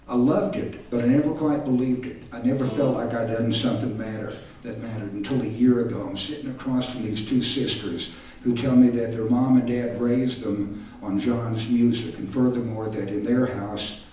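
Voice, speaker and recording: A man's voice: mid-range voice, warm tone. Older man telling stage stories, echoey hall. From Texas. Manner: reflective, self-deprecating storytelling. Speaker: singer-songwriter. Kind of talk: stage talk between songs. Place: concert stage. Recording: echoey live hall from far off. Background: guitar music.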